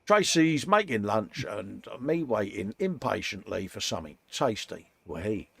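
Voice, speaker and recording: A man's voice: on the low side, very animated, unhurried, vocal fry, a bit bright, breathy edge, no echo. A British man co-hosting a model-making live stream, chatting casually and reading out viewer comments. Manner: chatty, calls people mate, laughs often.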